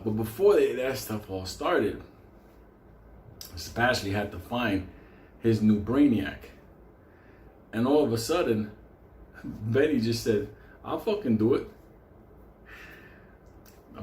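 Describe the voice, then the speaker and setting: A man's voice: mid-range voice, a little mellow. A man telling a profane, comedic story in a crude, rambling way, jumping into voices for the people in it. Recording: roomy sound with faint ambient noise.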